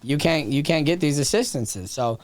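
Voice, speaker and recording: A man's voice: on the high side, lively intonation, moderate pace, no echo. A man in his thirties, a podcast guest telling a raw, emotional story, swearing freely and restarting his sentences. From Texas. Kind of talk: candid storytelling interview.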